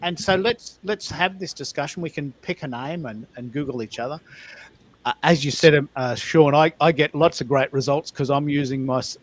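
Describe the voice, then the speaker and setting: A man's voice: a little high, normal speed. Emphatic man hosting a live audio chat. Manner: emphatic, animated, repeats words while restarting. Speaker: host. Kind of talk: live audio stream discussion.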